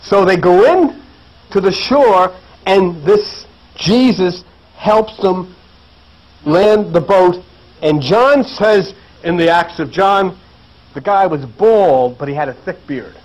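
A man's voice: sits high, slow pace, a little mellow, poor audio. A man giving a preachy lecture to an audience, building his points with repeated phrases and rhetorical questions. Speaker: lecturer on religion and mythology.

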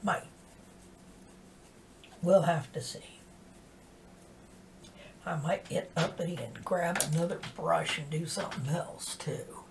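A woman in her 60s chats casually through a makeup tutorial as a vlogger, her voice low, slow and creaky with frequent pauses. She's soft-spoken and often drifts into half-whispers while she works. A distant mic picks her up with a faint hiss in the background.

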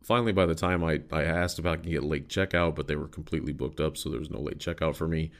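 A man's voice: rumbling low, steady tone, quick pace, creaky. An American man hosting a podcast, telling a story in a loose, rambling way with casual swearing. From United States. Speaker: podcast host.

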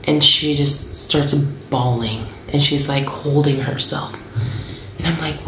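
A woman in her thirties telling a family travel story to camera in a chatty, animated way, acting out what people said. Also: deep voice, normal speed, reverberant, a little hiss or hum, rough recording. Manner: chatty, animated, acts out quotes.

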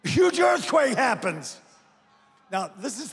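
A man preaching a sermon, moving between hushed storytelling and loud, shouted exhortation. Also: high voice, very animated, measured pace, creaky, pauses often, slightly rough. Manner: swings from soft sung phrases to loud shouted exhortation. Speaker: guest preacher. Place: large church auditorium. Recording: echoey hall reverb from a church stage.

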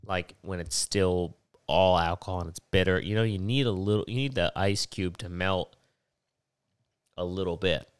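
A man's voice: deep voice, smooth, no echo, clean studio sound. A young man hosting a podcast while sick with a stuffy, nasal voice, rambling casually and swearing often. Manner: rambling, profane, digressive. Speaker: podcast host.

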